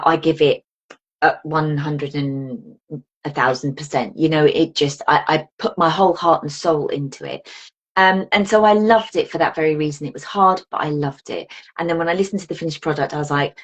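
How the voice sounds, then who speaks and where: A woman guest on a podcast, chatting casually and acting out her own reactions as she tells a story. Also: low voice. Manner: animated, acts out her own reactions in quotes. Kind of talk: casual chat.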